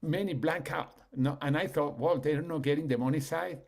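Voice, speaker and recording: Animated man telling stories, gravelly. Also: moderate pace. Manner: animated, acts out quoted people with rising pitch. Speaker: business leader. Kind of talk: storytelling in a business call.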